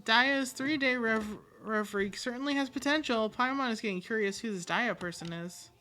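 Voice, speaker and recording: A woman's voice: a little high, moderate pace, pushed and bright. A woman streamer reading game dialogue aloud, playfully switching voices and accents for each part. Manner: reads every part aloud, switching voices and accents, sometimes with pirate flourishes.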